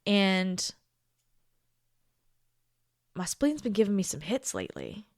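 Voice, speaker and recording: A woman in her thirties hosting her own podcast, talking in a reflective, confiding way. She is tired and emotional, slips into soft near-whispers and laughs often. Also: medium pitch, wildly swooping pitch, slow pace, no room sound, studio quality. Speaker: podcast host. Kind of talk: casual solo podcast talk.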